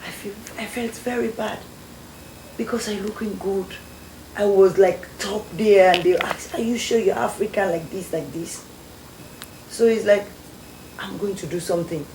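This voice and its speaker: A young Sierra Leonean woman, a former beauty queen, tells her story as a guest in a storytelling interview, acting out the voices of people she quotes. Her mid-range voice is a little mellow at a normal pace, in an echoey studio with faint noise.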